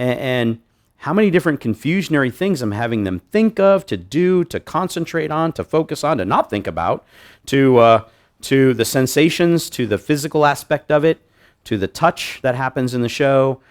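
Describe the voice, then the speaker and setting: A man's voice: medium pitch, normal speed. A man presenting a hypnosis demonstration to a live audience, joking with volunteers and restarting his sentences often. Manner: joking, animated, many restarts. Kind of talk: live stage demonstration talk. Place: meeting room with audience.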